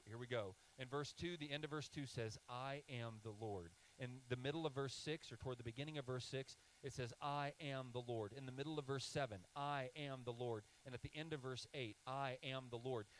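A man preaching a sermon, reading scripture aloud and then teaching in points, slowing down to stress key phrases. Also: medium pitch, a bit bright, a little hiss or hum, low-quality recording. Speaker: pastor.

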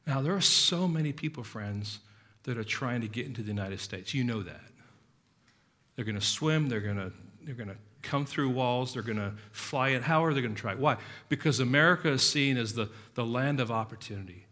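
A pastor preaching a sermon with passion, his delivery swinging from loud emphasis to quiet, earnest asides. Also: mid-range voice, animated, a little fast.

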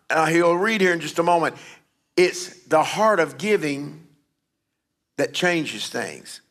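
An older pastor preaching with a high, bright voice. He swings between emphatic declarations and hushed, confiding storytelling. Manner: emphatic preaching with sudden drops to a low confiding voice. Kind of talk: sermon.

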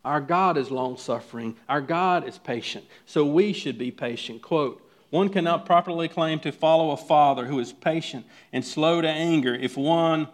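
Fervent preaching man, hushed to loud. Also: on the high side, normal speed, few pauses. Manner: preaching with swings from hushed to loud, pleading questions. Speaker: pastor. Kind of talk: sermon.

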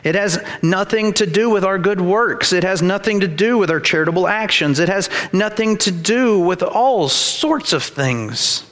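A man's voice: high voice, expressive, normal speed, few pauses, a bit bright. A man preaching a sermon as pastor, emphatic and repetitive, with dramatized quotes. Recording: reverberant hall.

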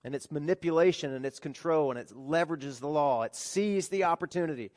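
A pastor preaching a sermon, telling stories with lively rhetorical questions to his congregation. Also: fairly high pitch, a little fast.

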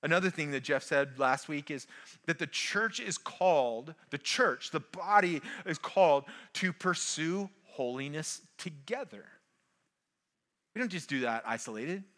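A man's voice: a little high, animated, unhurried, fairly bright tone. A male pastor preaching a sermon in a casual, emphatic way, often saying "like.". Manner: conversational, emphatic, frequent "like" fillers.

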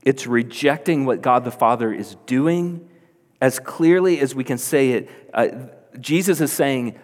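In a church hall with long reverb, a pastor preaches a sermon in a mid-range voice at a slightly slow pace. He is earnest, building to emphatic, insistent peaks.

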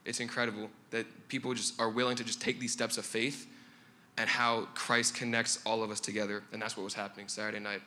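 A man's voice: fairly low pitch, little pitch movement, brisk, bright, forceful tone, a little hiss or hum. A young man sharing an earnest church testimony about a retreat, with some fillers and restarts.

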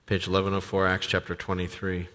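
Male pastor, conversational sermon delivery with fillers, lowish voice, long hall reverb. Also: monotone, quick pace, a bit bright. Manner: conversational, with frequent fillers and restarts. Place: church sanctuary.

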